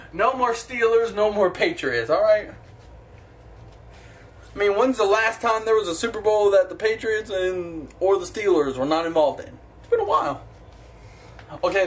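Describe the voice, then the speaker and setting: A man's voice: on the high side, a bit bright, slight background noise. A young man hosting his own sports opinion vlog, talking in a blunt, profane, ranting way. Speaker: sports vlogger.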